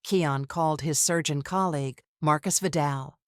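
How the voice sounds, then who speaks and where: A woman narrates a family drama in a steady, measured way. Her voice sits on the low side and is recorded dry and close. The quoted lines get little change in voice. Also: clear, resonant tone, no echo. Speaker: storyteller. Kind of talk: scripted narration.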